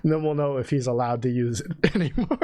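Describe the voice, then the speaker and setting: A man's voice: medium pitch, quick pace, darkish tone, no room sound, studio quality. A man hosting a podcast in casual chat, sarcastic and often laughing. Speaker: podcast host.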